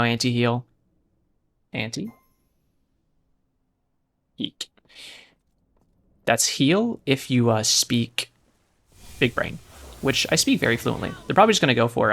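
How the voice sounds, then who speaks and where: Gravelly, brash gamer man. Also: mid-range voice, fairly bright tone. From United States. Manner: brash, profane, sarcastic banter. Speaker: gameplay commentator. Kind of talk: casual gameplay commentary.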